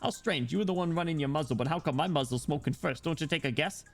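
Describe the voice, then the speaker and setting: A man's voice: on the high side, quick pace, faint music behind. A man voicing a smug, boastful penguin rap star while reading a game story. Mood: cocky. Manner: cocky and boastful.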